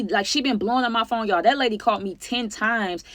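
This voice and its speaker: A woman in her twenties telling a personal story to her viewers in a sassy, chatty, animated way. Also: fairly high pitch, a little fast, hardly any pauses, no echo. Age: 20s. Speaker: storytime vlogger.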